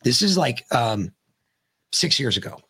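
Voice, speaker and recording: A man with a deeply husky, raspy voice swings his pitch up and down while he spins a blunt, profane story. He sits as a guest on a podcast and talks in loose, rambling chat. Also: unhurried. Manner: animated, rambling delivery. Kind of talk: casual storytelling.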